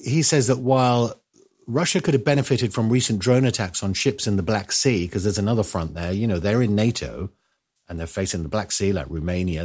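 A man with a fairly low voice hosts a casual news commentary. He rambles from point to point, drops jokey asides and often lets his words sink into a murmur. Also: a little mellow, breathy edge.

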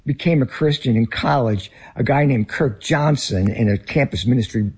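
A man's voice: medium pitch, normal speed, darkish tone, breathy edge. A man with a Northern US accent, a ministry leader and guest, telling an earnest story in conversation. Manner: earnest anecdotal, some restarts.

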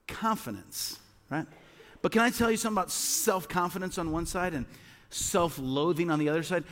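A man's voice: high-pitched, a bit bright, big-room sound. A male pastor preaching a sermon to his congregation, earnest and repetitive, asking rhetorical questions. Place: church sanctuary.

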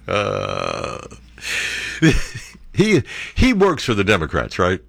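Animated sarcastic talk radio man. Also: sits low, vocal fry, no echo. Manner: animated, sarcastic, mocking impressions. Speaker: radio show host.

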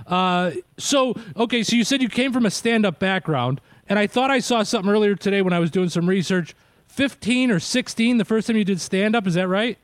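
Man, radio host, high-pitched, chatty, laughs often, dry close mic. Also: a little fast, dry recording. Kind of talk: casual interview.

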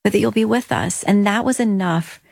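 A woman's voice: medium pitch, normal speed, gravelly, a little mellow, dry recording. A woman guest earnestly telling her faith story in an interview, acting out quoted lines.

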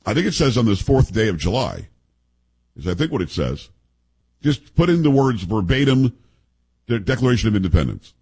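Chatty radio host, husky. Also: male voice, on the low side, sing-song, normal speed, long pauses, darkish tone, rough recording. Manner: chatty, joking, emphatic asides. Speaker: radio talk show host. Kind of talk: casual call-in radio talk.

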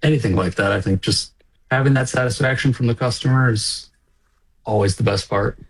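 A man from Minnesota, a restaurant owner, giving easygoing, slightly halting answers in a radio interview. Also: mid-range voice, husky, rough recording.

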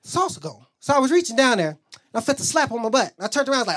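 Young guy doing standup, swears a lot, really lively voice that swings up and down. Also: sits high, fast. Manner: animated storytelling, acts out quoted lines; crude, profane. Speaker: stand-up comedian. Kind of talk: stand-up comedy set.

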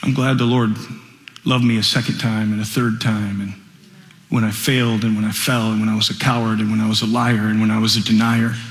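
A man preaching a radio sermon, telling a story dramatically and building to impassioned, near-shouted passages. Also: on the low side, flat delivery, brisk, reverberant, long reverb tail.

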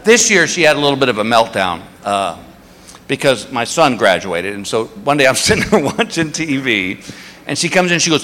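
A middle-aged man doing a stand-up routine, telling a family story with animated voices. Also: fairly quick. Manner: animated storytelling, putting on a shrill wife voice. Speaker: stand-up comedian. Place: comedy stage before a live audience. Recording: stage mic in a large reverberant hall.

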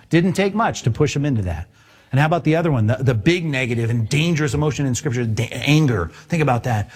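A man preaching a sermon on a Bible passage, lively and conversational, acting out quoted voices as he goes. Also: a little high. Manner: animated, acts out quoted voices. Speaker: pastor.

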